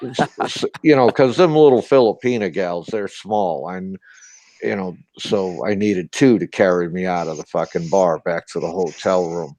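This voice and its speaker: An older man with a Boston accent, once a sailor, spins profane, rowdy stories in a relaxed conversation. His voice is low and slightly mellow at a normal speed, with no room sound.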